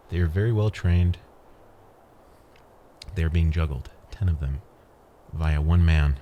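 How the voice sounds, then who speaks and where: A man's voice: rumbling low, takes it slowly, long pauses, warm tone, a little hiss or hum. A man hosting a podcast, rambling playfully and guiding the listener through an imagined scene. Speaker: podcast host. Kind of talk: casual podcast monologue.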